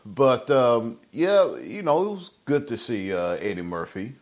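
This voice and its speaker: A man's voice: medium pitch, very animated, a little slow, muffled recording. A man hosting a podcast, giving rambling, opinionated commentary with many fillers. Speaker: podcast host. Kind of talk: casual commentary.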